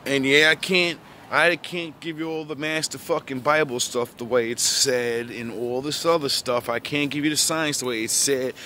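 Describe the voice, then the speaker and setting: A man delivering a profane, preachy ranting monologue that lectures the listener, repeats catchphrases and bursts into shouting. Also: on the high side, a little hiss or hum. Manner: repeats catchphrases and "yous" address. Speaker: online preacher-style commentator.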